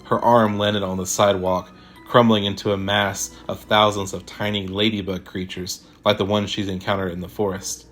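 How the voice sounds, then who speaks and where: A man narrating a sci-fi horror short story in a steady, measured way. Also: fairly low pitch, faint music behind.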